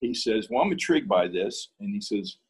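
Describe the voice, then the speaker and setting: Husky man telling a lively story. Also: fairly low pitch, brisk, low-quality recording. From Pittsburgh. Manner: animated, acts out both sides of dialogue. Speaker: guest. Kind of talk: casual storytelling in an interview.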